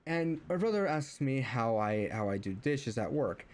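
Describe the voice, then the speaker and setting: A man's voice: medium pitch, lively intonation, normal speed, a little mellow. A young man streaming, ranting casually about family, rambling with many restarts and fillers and rising when riled. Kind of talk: casual rant while streaming.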